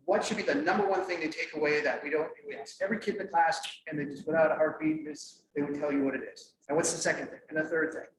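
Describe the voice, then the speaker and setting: A middle-aged man presenting at a conference, lively and joking as he quizzes the audience. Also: on the high side, fast talker, hardly any pauses. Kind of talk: interactive workshop talk. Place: conference room. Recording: echoey room, mic far off, faint noise.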